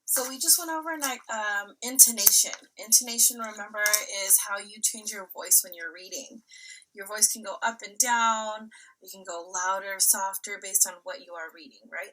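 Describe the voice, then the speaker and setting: A woman's voice: medium pitch, bright, forceful tone, low-quality recording. A woman teacher giving a remote reading lesson to young children, patient and step-by-step, often checking in with "right?".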